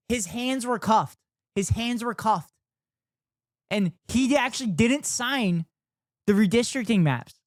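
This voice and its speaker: A woman streamer talking back at a clip with sweary, incredulous sarcasm. Her voice is mid-pitched for a woman. The sound is dry, with no room echo. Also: darkish tone. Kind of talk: casual reaction commentary.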